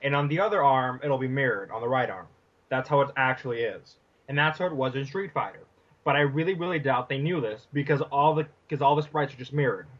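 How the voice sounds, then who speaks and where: An earnest young man walks his friends through a point on a homemade podcast, restarting as he goes. His pitch sits in the middle range. The recording is dull and lo-fi. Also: fairly quick. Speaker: podcast co-host. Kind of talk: casual chat.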